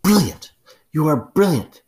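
A man's voice: mid-range voice, very animated, moderate pace, pitched above the performer's own voice. A man voicing a fussy, theatrical royal mother who exclaims breathlessly. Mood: delighted. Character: fussy royal mother, woman, middle-aged, dramatic.

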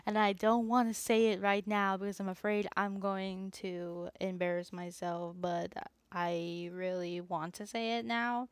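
A woman with a steady, clean, mid-range voice talks at a measured pace on her solo podcast, with no echo in the recording. Unscripted and self-aware, she rambles along chattily, with frequent asides and restarts.

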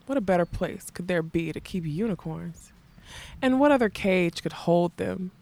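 A woman reading the lines of a mad, possessive old king, soft and menacing in turn. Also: fairly low pitch, expressive, normal speed. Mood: rapt. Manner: soft and menacing, turning fierce and childlike.

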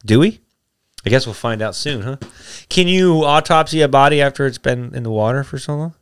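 A man's voice: medium pitch, fairly quick, smooth. A man co-hosting a casual podcast, teasing and swearing as he tells stories. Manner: teasing, profane, lively storytelling. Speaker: podcast co-host. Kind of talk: casual profane banter.

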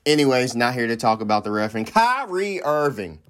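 A male podcast host riffing in loose comedic commentary. He rambles from point to point, throws in slangy asides and jokes, and speaks at a middling pitch in an easygoing way. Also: big pitch swings, fairly quick, fairly bright tone.

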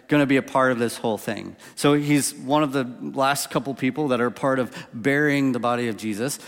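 A man preaching a sermon in a relaxed, conversational way, filling his talk with "like" and "right?". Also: mid-range voice, long reverb tail. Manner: conversational, with many fillers like "like" and "right?". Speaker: pastor.

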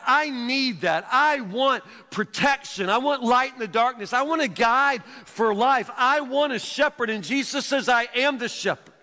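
High bright-voiced preacher. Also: male voice. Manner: folksy, repeats words, drops to a low hush reading scripture. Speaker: pastor. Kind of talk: sermon. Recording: long reverb of a church hall.

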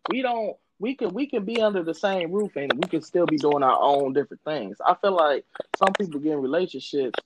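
A fairly low-voiced woman chatting casually, her pitch swinging widely as she rants and laughs. She swears freely and keeps things loose and animated. A steady hiss of noise sits under the recording. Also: fairly quick, few pauses. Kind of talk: casual chat.

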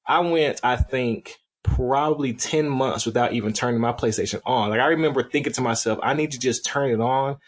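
A young man co-hosting a podcast, talking candidly in a measured way with frequent restarts. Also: mid-range voice. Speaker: podcast co-host. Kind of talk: casual chat.

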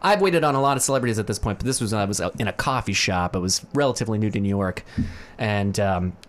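A man's voice: fairly low pitch, fast talker. Chatty man telling stories. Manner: animated storyteller, many fillers and restarts, laughs often. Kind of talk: casual podcast chat.

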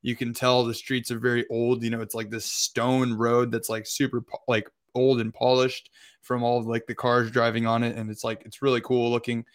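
A young male podcast co-host recounting a trip in a casual, meandering way, full of filler words. His voice sits at an ordinary middle pitch. He comes across as chatty and loose rather than polished. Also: completely flat delivery, normal speed. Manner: rambling, heavy use of filler words. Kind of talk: casual storytelling.

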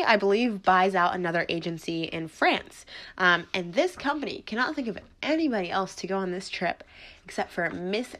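Twenty-something girl doing her solo podcast, kinda low voice, bubbly and rambly, lots of ums. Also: fairly bright tone. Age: 20s. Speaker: podcast host. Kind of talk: casual solo podcast chat.

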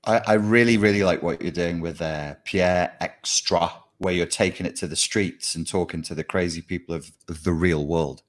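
A man talking in casual chat, polite and halting, often repeating words as he starts a thought. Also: low-pitched.

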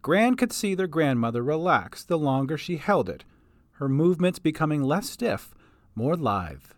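A man narrating his homemade audio story, lively and scripted. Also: on the high side, moderate pace, no echo. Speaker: podcast storyteller. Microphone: home recording setup.

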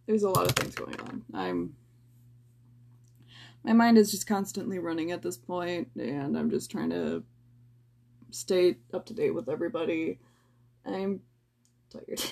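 A tired young woman hosting a personal podcast, venting in a slow, halting way with sighs and stammers, her voice low and close to tears. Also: dark tone. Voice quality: low, gravelly voice. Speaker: podcast host.

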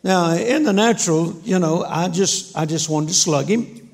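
A male preacher delivers a storytelling sermon with a gravelly edge to his voice. He keeps the humor folksy and acts out the dialogue as he goes, and his voice sits a little high for a man. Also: normal speed. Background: audience laughter.

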